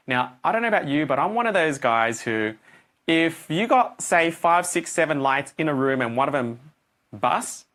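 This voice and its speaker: A middle-aged man coaching a group, telling a story and acting out his own reactions. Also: mid-range voice. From Australia. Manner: animated, acts out his own reactions and voices.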